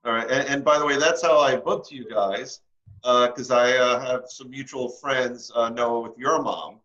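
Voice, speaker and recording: A man hosts a relaxed interview, stammering and doubling back mid-sentence while he jokes. His voice sounds bright and pushed forward. The recording is dull and lo-fi. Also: medium pitch, moderate pace. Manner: rambling, stammering, joking. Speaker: host. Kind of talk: casual interview chat.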